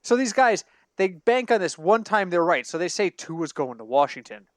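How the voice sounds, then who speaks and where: High-voiced man rambling through sports gossip. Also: normal speed, no echo. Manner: rambling, animated storytelling with self-corrections. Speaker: podcast co-host. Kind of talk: casual sports podcast banter. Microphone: home computer mic over online call.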